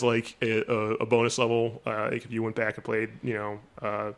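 A man's voice: lowish voice, completely flat delivery, fairly quick, few pauses. A man co-hosting a casual gaming podcast, rambling with lots of fillers and restarts. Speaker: podcast co-host. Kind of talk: casual chat.

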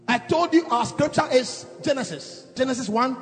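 Pastor, male, very high and lively voice, slow gravelly preaching over faint music. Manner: preaching with declarations and shouted emphasis. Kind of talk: sermon. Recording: long reverb, faint music.

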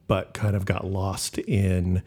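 A man's voice: deep voice, level tone, slow pace, darkish tone, slightly rough. A man chatting casually about movies on a podcast, blunt and profane, with a mocking edge. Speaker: podcast co-host. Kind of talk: casual chat.

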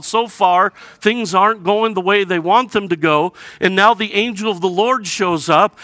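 Male pastor preaching, bright tense voice, dry close sound, acts out the characters. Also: high-pitched, no echo. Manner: animated, acts out biblical characters with sarcasm. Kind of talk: sermon.

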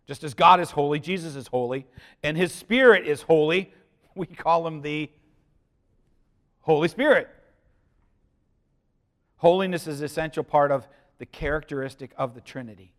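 Preaching to his congregation, a pastor swings between loud emphasis and quiet, hushed lines and poses questions to his listeners. His male voice is a little high, at normal speed, with frequent pauses.

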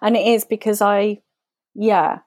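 A woman's voice: mid-range voice, steady tone, a little slow, darkish tone, dry recording, clean studio sound. A woman co-hosting a podcast, talking candidly and rambling with giggles. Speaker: podcast co-host. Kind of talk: casual podcast chat.

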